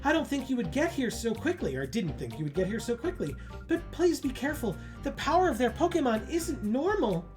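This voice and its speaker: A woman's voice: a little high, sing-song, fairly quick, music in the background, pitched above the performer's own voice. A woman reading the lines of a worried guard who blocks the way and asks for care. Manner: earnest, worried.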